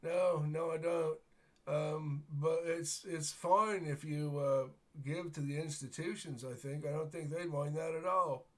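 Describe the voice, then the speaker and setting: A man's voice: fairly high pitch, fairly even intonation, a little slow, pitched above the performer's own voice. A man voicing a rambling old blind beggar, a former sailor, who mishears words and wavers as he talks.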